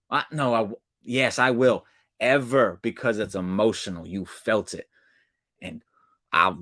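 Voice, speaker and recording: Excitable low-voiced man recapping wrestling. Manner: excitable, swings loud and soft, restarts often. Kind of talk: casual solo recap.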